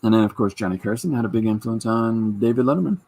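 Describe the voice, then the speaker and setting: A man in his fifties hosts a casual livestream podcast, rambling from one thought to the next. His voice is husky and sits on the low side, and he keeps pausing to read out viewer comments. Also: darkish tone. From Canada. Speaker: podcast host.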